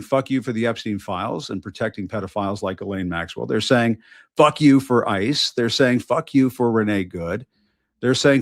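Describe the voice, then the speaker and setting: A man's voice: mid-range voice, no room sound, clean studio sound. Emphatic, profane middle-aged male host. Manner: halting restarts and fillers. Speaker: host of an independent news show. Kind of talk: impassioned political monologue.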